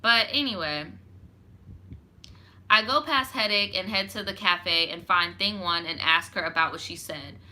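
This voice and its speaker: With a fairly low, sharp-toned voice and a slightly slow delivery, a young woman narrates a viewer-submitted story on her storytime channel. She interrupts with sassy, profane, blunt commentary, saying "like" constantly.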